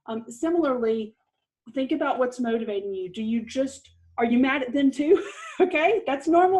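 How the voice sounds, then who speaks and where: A woman's voice: on the high side, darkish tone, low-quality recording. A middle-aged woman giving an earnest, encouraging parenting lesson, with light laughs. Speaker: parenting course presenter.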